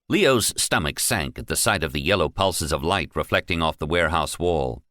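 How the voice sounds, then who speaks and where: A man narrating a science fiction audiobook with an animated, dramatic delivery. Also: very deep voice, normal speed, few pauses, dry recording, studio quality. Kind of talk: scripted narration.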